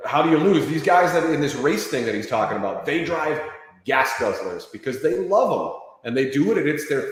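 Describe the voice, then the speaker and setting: An energetic man sells an idea in an interview, telling stories and taking on the voices of the people in them. His voice sits a little high. The recording rings with strong echo and a long reverb tail. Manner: energetic, animated storytelling, acting out quoted people. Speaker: interview guest. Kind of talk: enthusiastic sales pitch in an interview. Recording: very echoey room with long reverb.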